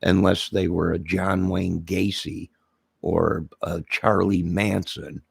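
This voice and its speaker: A man rambles through a casual livestream chat, joking and answering viewers. His voice is deep, gravelly and husky, and he speaks slowly. The sound is dry and close. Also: level tone, no echo. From Illinois, near Chicago. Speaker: livestream host chatting with viewers.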